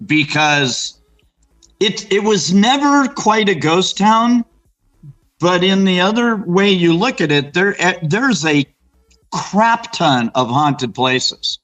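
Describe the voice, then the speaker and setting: A man's voice: sits high, expressive, takes it slowly, a bit bright, low-quality recording. Chatty man telling rambling ghost stories. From Arizona, raised in Los Angeles. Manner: rambling storyteller, restarts and fillers, acts out quotes. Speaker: guest. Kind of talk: casual chat about local hauntings.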